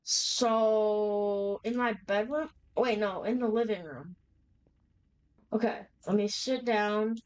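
A young woman gives casual let's-play commentary on a horror game, chatty and nervous, reacting aloud with slang. Her mid-range voice is slow with a darkish tone, and the recording is rough.

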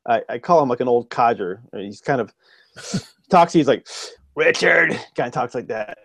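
A man's voice: medium pitch, expressive, moderate pace, slight background noise. A man, a fiction writer, chatting as a podcast guest, telling stories with lots of ums and restarts. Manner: rambling, with frequent ums and restarts. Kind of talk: casual storytelling chat.

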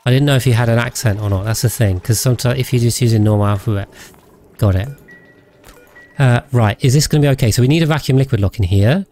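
Man, mid-pitch, dark mellow tone; easygoing streamer thinking out loud. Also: fast talker, soft background music. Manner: rambling, thinks aloud, thanks viewers. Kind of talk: casual gameplay livestream chat.

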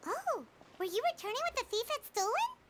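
A woman's voice: extremely high pitch, sing-song, brisk, a bit bright, slight background noise, exaggerated voice. A woman voicing a tiny chirpy floating companion creature in a video game, eager and chatty, talking about itself in the third person. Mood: excited.

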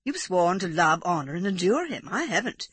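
A woman's voice: lowish voice, sing-song, normal speed, fairly bright tone, husky, dry recording, heavily acted. A woman voicing a mischievous, dispassionate English woman who speaks with dry, unrepentant amusement. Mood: wry.

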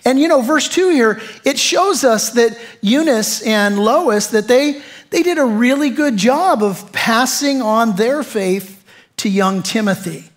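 A man's voice: very high voice, expressive, unhurried. Man, middle-aged, pastor delivering a chatty, punchy sermon. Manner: conversational, emphatic preaching with rhetorical questions.

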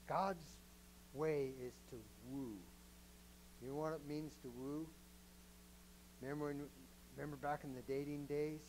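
A man's voice: fairly high pitch, fairly even intonation, unhurried, pauses often, a little mellow, slight background noise, poor audio. A man preaching a sermon as a pastor, in a conversational, joking way and often asking the congregation questions.

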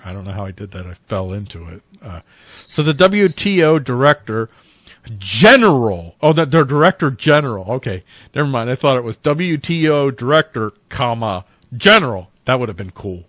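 A man's voice: medium pitch, no room sound, clean studio sound. A man co-hosting a casual political talk show, reading news aloud and joking about it. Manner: joking, reads news aloud then riffs with shouted mock voices. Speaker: co-host.

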